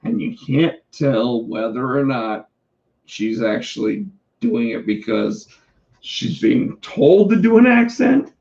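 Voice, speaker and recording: A man co-hosting a casual wrestling chat, rambling with restarts and fillers, his voice going hoarse. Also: medium pitch, big pitch swings, takes it slowly, a little mellow, highs cut off. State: losing his voice. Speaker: podcast co-host.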